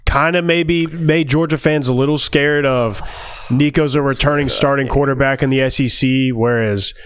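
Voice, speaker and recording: A man co-hosting a sports talk show, giving measured, hedging analysis. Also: medium pitch, fairly even intonation, smooth. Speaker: podcast co-host.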